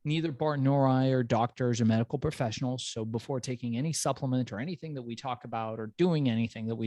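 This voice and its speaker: A male podcast host in casual, upbeat chat, telling lively stories and reading a sponsor message. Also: mid-range voice, no room sound. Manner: upbeat, laughing, animated storyteller.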